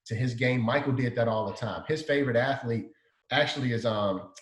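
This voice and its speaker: A medium-pitched man from Chicago's South Side, a designer appearing as an interview guest, tells a story at a brisk pace. He brings the quoted dialogue to life with animated delivery, and the room sounds echoey.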